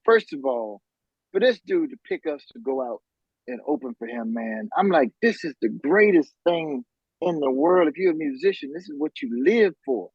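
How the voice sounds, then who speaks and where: A man's voice: a little high, moderate pace, creaky, breathy edge, no room sound, lo-fi sound. A man, a podcast guest and musician, telling stories casually with slang and bursts of laughter. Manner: animated, laughing storyteller with slang. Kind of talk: casual storytelling.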